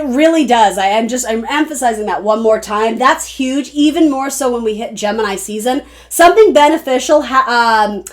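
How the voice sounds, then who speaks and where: A fairly high-pitched young woman talks her way through a tarot reading for her viewers. Her delivery is loose and chatty, full of restarts and asides as she thinks aloud. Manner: rambling, chatty, self-interrupting. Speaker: tarot reader. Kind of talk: casual spoken tarot reading.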